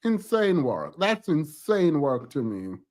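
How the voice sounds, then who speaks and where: Guy with a pretty high voice ranting at clips, exasperated, keeps repeating himself. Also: very animated, slow, a little mellow. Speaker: streamer reacting to reality TV clips. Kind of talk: reaction commentary.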